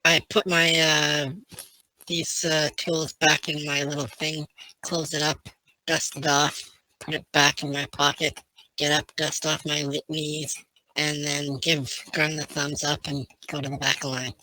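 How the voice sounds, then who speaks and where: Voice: mid-range voice, level tone, unhurried, pushed and bright, no room sound, poor audio. A tabletop player who describes each of their character's actions step by step. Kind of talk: casual tabletop play.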